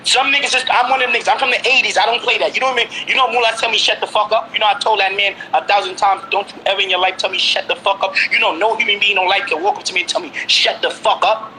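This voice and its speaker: Brooklyn man, 40s, high bright voice, rapid and insistent, faint noise behind. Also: steady tone, poor audio. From Brooklyn, New York. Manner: insistent, repeats himself, presses the listener with questions. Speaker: guest. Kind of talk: heated casual conversation.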